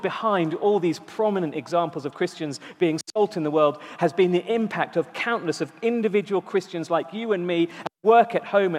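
High-voiced preacher in a reverberant hall. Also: male voice. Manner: emphatic, repeats key words with slow stresses. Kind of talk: sermon. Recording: long reverb in a large hall.

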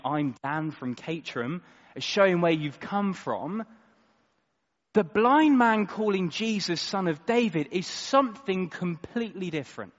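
A man preaching a sermon in a church hall, expressive and dramatic, moving between loud and quiet. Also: high-pitched. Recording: echoey hall, slightly dull sound.

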